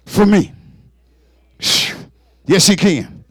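A male preacher with a high, widely swooping voice whoops through his sermon in a sing-song style. He breaks into sudden exclamations and stutters words in quick repeated bursts. The sound is close and dry. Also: very animated, gravelly, breathy edge, no echo.

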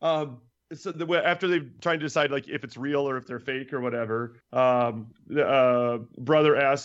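A man's voice: mid-range voice, fairly even intonation, moderate pace, hardly any pauses. A man co-hosting a casual chat about children's books, amused and detail-minded, with a dull lo-fi sound. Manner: amused, counts and reads details. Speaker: podcast co-host.

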